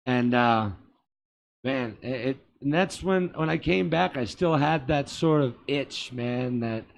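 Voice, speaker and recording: A man's voice: mid-range voice, takes it slowly, vocal fry, slight background noise. A man from Boston, a comedian guest, telling stories in a casual, rambling way with lots of asides. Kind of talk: casual storytelling chat. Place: small theater.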